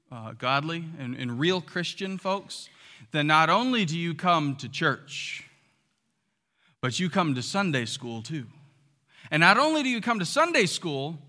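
A pastor with a high, sharply bright voice preaches to his church congregation in a loose, conversational way. He keeps turning to the room with questions and little "right?" checks. His words ring out with a long hall reverb. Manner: asks the congregation rhetorical questions, often tags "right?". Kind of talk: conversational sermon.

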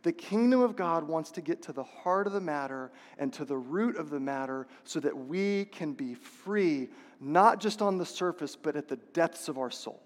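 A man's voice: fairly high pitch, animated, moderate pace, hardly any pauses. A man preaching a sermon as a pastor, passionate and repetitive, asking the congregation rhetorical questions. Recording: long reverb of a large hall.

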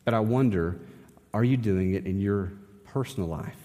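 A man's voice: fairly low pitch, moderate pace, warm tone. A man, preaching a sermon as pastor in a conversational style, often asking the congregation rhetorical questions. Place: church sanctuary. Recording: long hall reverb in a church.

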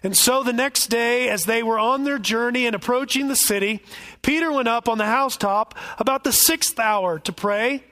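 A man's voice: very high-pitched, moderate pace, sharp tone. A male pastor giving an expository sermon with folksy asides and jokes.

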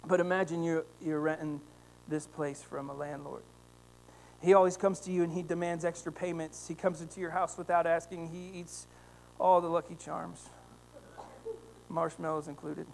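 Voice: mid-range voice, level tone, normal speed, vocal fry, darkish tone, a little hiss or hum. Fervent pastor preaching with rising intensity. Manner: storytelling, addressing the congregation directly with rising fervor; frequent "right?" tag questions. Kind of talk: sermon.

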